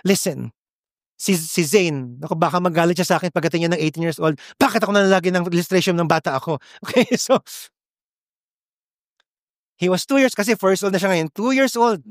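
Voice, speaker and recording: A man, preaching a sermon at a church service in a lively way that mixes English and Tagalog. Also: sits high, fast talker, no room sound, clean studio sound. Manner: animated, switching between English and Tagalog, laughs often. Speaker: pastor.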